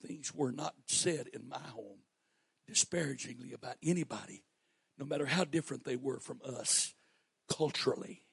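A man with a Southern US accent preaching a sermon as pastor, swinging from quiet asides to loud, emphatic reading. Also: mid-range voice, moderate pace, gravelly, slightly rough, no echo.

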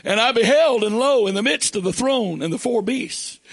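A man preaching a sermon, reading scripture aloud and building to fervent shouts. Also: very high voice, expressive, moderate pace, vocal fry, husky.

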